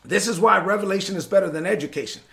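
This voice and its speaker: A man's voice: high voice, quick pace, gravelly, a bit bright. A man preaching a sermon in an emphatic, repetitive cadence.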